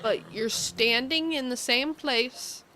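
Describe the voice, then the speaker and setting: A woman's voice: a little high, slow pace, pushed and bright, slight background noise. A woman giving playful, teasing commentary as she plays a video game. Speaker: gaming video creator. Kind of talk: casual gameplay commentary. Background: faint game music.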